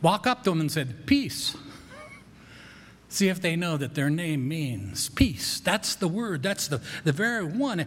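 A man delivers a sermon in an easygoing, conversational way, often restarting words and breaking into asides. His voice sits a little high for a man. The sound carries the long reverb of a church sanctuary. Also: animated, normal speed, hardly any pauses, fairly bright tone. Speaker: pastor.

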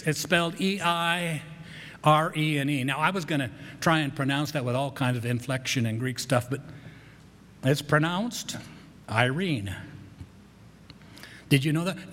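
A man preaching a conversational sermon as pastor, with frequent restarts and quick asides. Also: on the high side, a bit bright. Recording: long hall reverb.

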